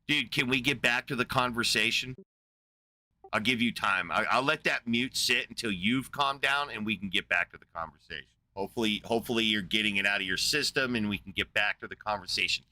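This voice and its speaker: A man's voice: fairly low pitch, a little fast, bright, forceful tone. A man hosting a live debate show, arguing with a caller in a profane, mocking, combative way and retelling a scripture story crudely.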